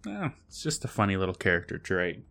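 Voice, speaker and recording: Male guest, short dry quips, gravelly, slightly low voice. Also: sing-song, brisk, a bit bright, faint music behind. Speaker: podcast guest. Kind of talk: casual chat.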